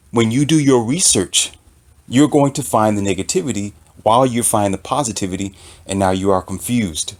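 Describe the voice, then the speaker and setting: A man's voice: mid-range voice, a little mellow. A man delivering an impassioned opinion monologue, emphatic and repetitive, almost preaching. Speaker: author and commentator.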